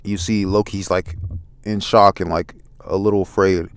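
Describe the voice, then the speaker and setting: A man casually recapping a manga chapter, relaxed with many fillers. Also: low voice, normal speed, smooth, no room sound. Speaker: manga reviewer.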